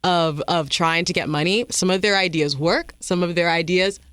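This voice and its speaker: Enthusiastic female author, lowish voice. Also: normal speed, fairly bright tone, clean tone, dry recording. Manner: enthusiastic, laughs often, with fillers. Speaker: guest author. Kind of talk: radio interview chat. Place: radio studio.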